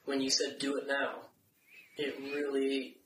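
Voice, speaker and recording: A man's voice: medium pitch, monotone. Man chatting over audible background noise. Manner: reflective, halting, clears throat often. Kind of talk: casual interview chat.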